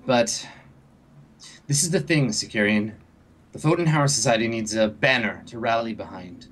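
A man's voice: mid-range voice, normal speed, a bit bright, lightly acted. A man voicing a stern female fleet leader who is urgently pleading for help. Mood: earnest, pleading. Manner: earnest, pleading.

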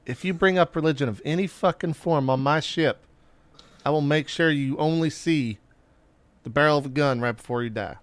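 Man playing a swearing, menacing captain with a smooth, higher voice in a dry room. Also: normal speed, no echo, close to an everyday voice. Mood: threatening. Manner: swearing, threatening, blunt. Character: foul-mouthed menacing male ship captain.

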